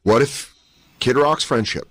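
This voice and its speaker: A man's voice: mid-range voice, unhurried, fairly bright tone, dry recording. A man co-hosting a podcast, teasing his friend with playful what-if questions. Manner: teasing, eggs the host on with what-ifs. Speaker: podcast co-host. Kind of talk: casual chat.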